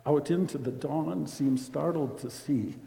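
A man reading a rhyming story aloud, expressive and dramatic. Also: a little high, measured pace, creaky. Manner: expressive, dramatic swings in loudness. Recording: roomy with long reverb.

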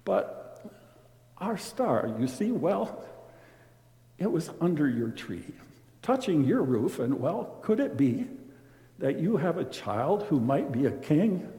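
Bedraggled male traveler, apologetic and fumbling, read by a male storyteller, warm tone. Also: on the high side, sing-song, slow, pauses often, exaggerated voice. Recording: roomy with long reverb.

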